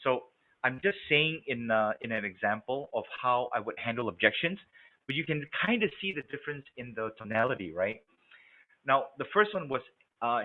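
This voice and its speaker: A man teaching sales techniques in an energetic, coaching way, showing how to shift his voice's tone. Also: medium pitch, normal speed. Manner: energetic, coaching, demonstrates voice tones. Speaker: sales trainer. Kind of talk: instructional talk. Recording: narrow phone-like sound.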